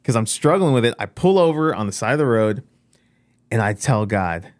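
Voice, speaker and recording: A man casually telling a personal faith story, acting out his own lines with lively emphasis. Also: mid-range voice, normal speed, dry recording.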